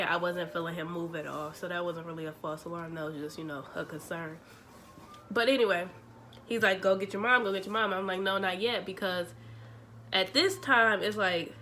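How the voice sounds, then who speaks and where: A young woman, telling a story to her vlog audience in a chatty, animated way, acting out the dialogue. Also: lowish voice. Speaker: vlogger. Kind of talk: casual storytelling.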